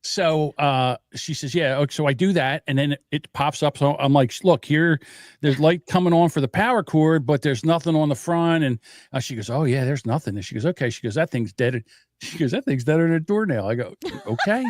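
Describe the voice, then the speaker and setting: Middle-aged male podcast host, rambling storyteller with a slightly higher voice, dry close sound. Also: fairly quick, no echo. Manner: rambling storyteller who acts out other voices. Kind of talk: casual chat. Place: home studio.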